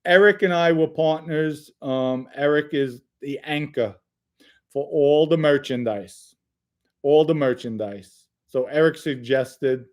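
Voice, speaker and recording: Middle-aged guy hosting his own stream, animated rambling chat, curses here and there. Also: fairly high pitch, slow pace. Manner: animated rambling storyteller, swears casually. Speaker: channel host. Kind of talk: casual solo livestream monologue.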